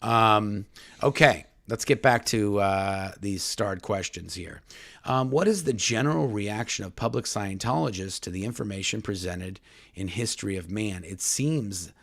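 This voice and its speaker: Male co-host, lower voice, easygoing live-stream chatter. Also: unhurried, gravelly, fairly bright tone. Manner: chatty, reads viewer comments aloud, addresses "folks". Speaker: podcast co-host. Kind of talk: casual live Q&A chat.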